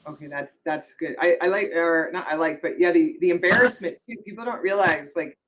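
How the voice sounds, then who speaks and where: A woman's voice: lowish voice, brisk. Woman host, casual chat, rambling, self-correcting, faint background hiss. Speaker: veterinarian host.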